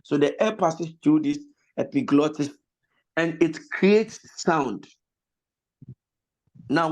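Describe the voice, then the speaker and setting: A man giving an online singing lesson as voice lecturer, explaining slowly and deliberately over a video call. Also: a little high.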